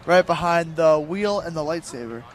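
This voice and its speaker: A man's voice: fairly high pitch, animated, moderate pace. A man giving casual color commentary on a baseball game in short, agreeable remarks. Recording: outdoor crowd noise at a ballfield.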